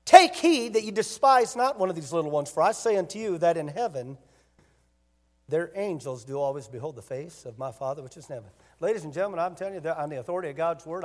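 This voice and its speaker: Male pastor, emphatic sermon delivery, high voice, church hall reverb. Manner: emphatic preaching, rising to loud bursts.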